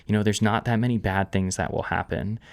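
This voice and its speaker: A young man, a photographer guest on a podcast, telling a travel story in a casual, animated way with lots of filler words. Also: lowish voice, fairly quick, creaky. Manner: animated, lots of "like" fillers, acts out quoted voices.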